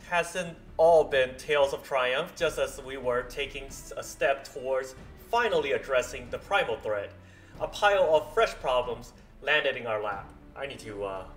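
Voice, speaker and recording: A man's voice: medium pitch, fairly bright tone. Man stumbling through game dialogue aloud. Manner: halting read-aloud with frequent stumbles and self-corrections. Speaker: streamer.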